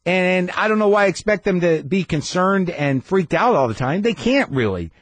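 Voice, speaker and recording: A man's voice: high voice, animated, moderate pace, no echo. A man hosting a podcast, telling a comedic story in an anxious, rambling, sardonic way. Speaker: podcast host.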